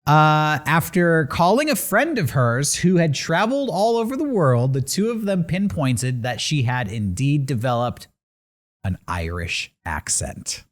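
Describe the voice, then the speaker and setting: Animated man telling news stories. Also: fairly high pitch, measured pace. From San Diego area. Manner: animated storytelling with sarcastic asides. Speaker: podcast co-host. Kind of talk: casual podcast chat.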